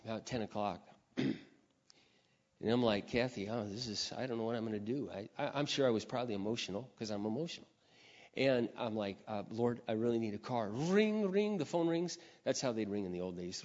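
An older man preacher telling a personal story in a sermon, acting out his prayers and phone calls with lively emotion. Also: a little fast. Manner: animated storyteller, acting out his own prayers with rising pitch. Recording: dull reverberant hall sound.

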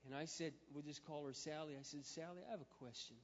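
A male pastor delivers a sermon story in a fairly high voice. He drops to a hushed, intimate tone for the quiet parts and rises to loud, emphatic preaching when he makes his point. The sound is slightly muffled and rings with a long hall echo. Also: quick pace, slight background noise.

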